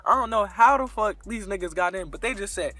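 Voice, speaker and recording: A man's voice: high-pitched, brisk. Young man, crude slangy storytime. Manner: crude, slangy, animated retelling. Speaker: storyteller vlogger. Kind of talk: casual storytime.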